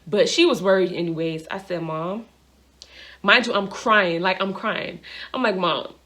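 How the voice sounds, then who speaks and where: A woman's voice: mid-range voice, a little slow, a bit bright. A young adult woman vlogger telling a storytime monologue, rambling and repeating herself with lots of filler words.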